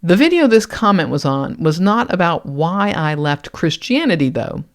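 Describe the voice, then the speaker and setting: Wry woman from Kentucky. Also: deep voice. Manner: measured, wry and pointed. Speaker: atheist YouTuber. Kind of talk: commentary vlog responding to a comment.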